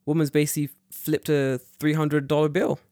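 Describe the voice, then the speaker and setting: A man's voice: fairly high pitch, brisk, dry recording, studio quality. A young man telling a story in casual chat, cursing freely and stumbling over repeated words. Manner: profane, animated, repeats words. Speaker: podcast storyteller.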